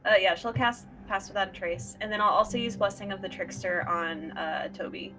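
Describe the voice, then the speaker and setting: A woman's voice: medium pitch, normal speed, over music, rough recording. A woman playing a tabletop game, musing and thinking aloud. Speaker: player.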